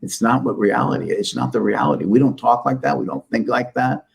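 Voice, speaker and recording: A man's voice: medium pitch, brisk, creaky, husky, low-quality recording. A man from the Midwest, a business owner being interviewed, telling stories in an emphatic, joking, candid way. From Midwest United States. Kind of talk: casual interview storytelling.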